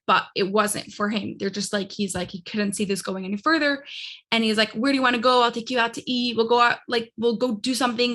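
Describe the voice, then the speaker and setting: Host, woman, bright forceful tone, chatty and loose, lots of "like" fillers. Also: medium pitch. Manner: chatty, fills speech with "like". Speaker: podcast host. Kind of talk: casual conversational interview.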